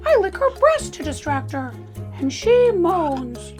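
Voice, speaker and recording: A woman doing a high cartoon-mouse impression while reading a steamy book passage aloud. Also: sing-song, takes it slowly, soft background music, exaggerated voice. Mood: playful squeak. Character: squeaky cartoon mouse man, cheery.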